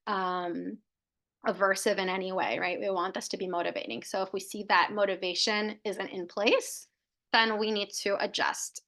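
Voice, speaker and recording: A woman's voice: mid-range voice, sharp tone. A woman presenting a live training webinar, explaining steps and answering questions in a conversational way with frequent fillers and self-corrections.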